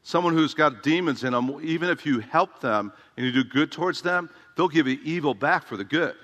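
A man's voice: a little high, expressive, brisk, fairly bright tone, lo-fi sound. A man preaching a sermon as a pastor, conversational and humorous, with emphatic repetition. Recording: long hall reverb.

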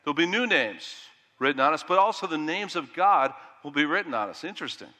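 A middle-aged man preaching a sermon with animated delivery, rising loud and dropping to a hush. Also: fairly high pitch, quick pace, in a large hall. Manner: animated preaching that rises loud and drops to hushed. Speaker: pastor.

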